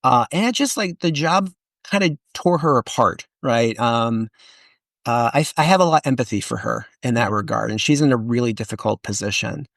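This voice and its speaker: A man, an author and historian, talking in a casual podcast interview, animated and chatty with many restarts and fillers. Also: mid-range voice, normal speed, vocal fry, no echo.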